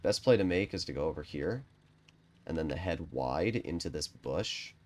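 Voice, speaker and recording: Streamer, male, lively pitch, swings from quiet planning to loud swearing rants. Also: normal speed. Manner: frustrated ranting, swears often; quiet, low-key strategy talk. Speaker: gaming streamer. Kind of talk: live game commentary.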